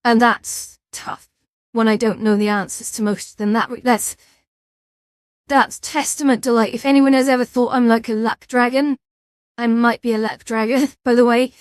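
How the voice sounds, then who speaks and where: Brief: sleepy woman streamer, higher-pitched, rambling chat, dry close sound. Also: fairly even intonation, moderate pace, no echo. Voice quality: rambling, chatty, with frequent restarts and fillers. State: tired, yawning. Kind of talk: casual chat.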